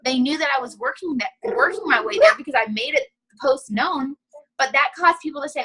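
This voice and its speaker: A woman's voice: high voice, lively intonation, fairly quick, a little hiss or hum, poor audio. A young woman giving a casual, upbeat training talk over a video call, chatty and full of "you know". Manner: breaks off to quiet her child. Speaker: guest trainer.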